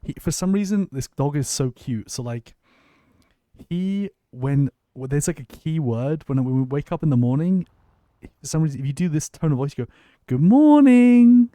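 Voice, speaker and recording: A man's voice: mid-range voice, moderate pace, warm tone, no room sound, clean studio sound. A man chatting casually on a live stream, rambling with lots of restarts and frequent swearing.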